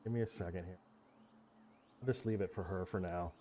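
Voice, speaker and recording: A man running a tabletop role-playing game as game master, narrating scenes in a descriptive, measured way. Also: deep voice, mellow.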